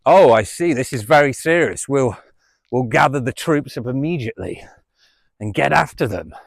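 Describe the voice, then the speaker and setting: A man's voice: mid-range voice, lively intonation, moderate pace, vocal fry, no room sound. A man mimicking a police officer, mock-grave and sarcastic. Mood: mock serious. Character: pompous mock-serious male police officer.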